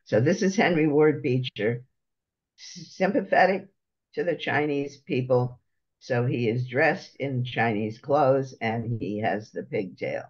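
Unhurried man lecturing over slides, lo-fi. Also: medium pitch. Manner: unhurried, pausing, explaining each picture.

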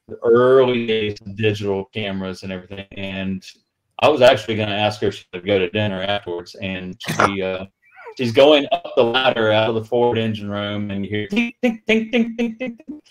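Man, low voice, rambling halting storyteller, restarts a lot, patchy video call audio. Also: smooth, low-quality recording. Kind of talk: livestream storytelling.

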